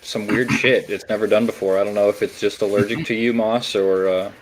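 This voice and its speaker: A man's voice: lowish voice, steady tone, fairly quick, crowd noise, rough recording. Easygoing male livestream guest. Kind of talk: casual livestream chat.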